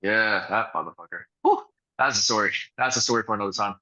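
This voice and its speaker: A man's voice: on the low side, fast talker, pushed and bright, low-quality recording. A man who works as a real estate closer, telling profane, swaggering stories on a casual group video call and acting out the people in them.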